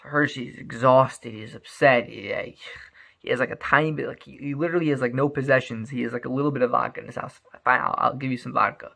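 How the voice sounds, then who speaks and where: A man telling a folk story in a lively way, often repeating and restarting words. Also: mid-range voice, fast talker, creaky.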